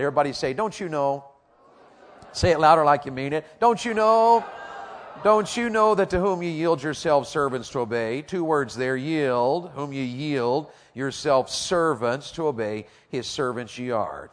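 A man preaching a sermon as an evangelist, folksy and joking with the crowd, then rising to loud, emphatic exhortation. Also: mid-range voice. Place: church or conference hall. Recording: long reverb in a large hall.

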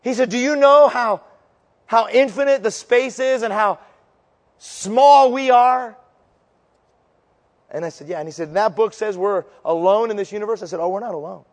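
A male preacher giving an impassioned sermon, moving between fervent declarations and quieter storytelling. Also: high-pitched, normal speed, long pauses, long reverb tail.

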